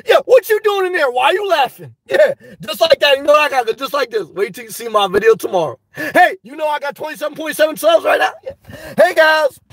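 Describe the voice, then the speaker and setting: A man hosting a live stream, reading chat and telling a story in a loud, animated way, swearing often. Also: extremely high pitch, brisk, dry recording. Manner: animated, loud, swears a lot, repeats himself. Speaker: livestream host reading chat. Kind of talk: casual livestream rant.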